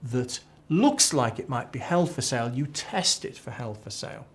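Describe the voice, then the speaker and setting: A man's voice: medium pitch, lively intonation, moderate pace. Chatty man drilling exam technique. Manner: chatty, repeats key phrases like a drill. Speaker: accounting tutor. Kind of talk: live exam tuition lecture.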